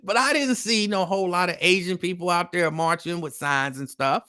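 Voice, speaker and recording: Host, man, slightly high voice, emphatic and repetitive, casual live stream. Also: normal speed, sharp tone.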